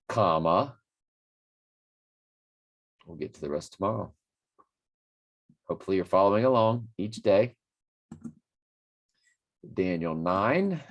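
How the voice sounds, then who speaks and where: A man's voice: low-pitched, unhurried, pauses often. A man hosting a daily Bible study, reading scripture aloud and musing on it in a rambling, self-correcting way. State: a bit winded after a workout. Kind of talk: casual Bible reading and commentary.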